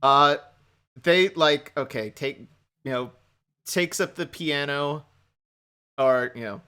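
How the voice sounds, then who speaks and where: A man narrates his character's moves in a tabletop game, rambling casually. His voice is bright and clean, sitting a little high. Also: slow pace, clear, resonant tone. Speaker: player.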